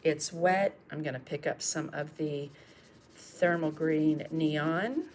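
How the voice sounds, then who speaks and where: A low-pitched woman with a drawl talks viewers through a painting demo. She chats warmly and encourages them while working with her brush. A faint hiss sits under her voice. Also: steady tone, takes it slowly. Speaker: painting instructor on a livestream. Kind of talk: casual painting demonstration.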